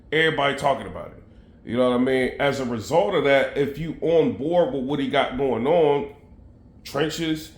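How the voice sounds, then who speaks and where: Roomy-sounding man chatting about battle rap. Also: medium pitch. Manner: conversational, filler-heavy, addresses viewers directly. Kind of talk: casual commentary vlog.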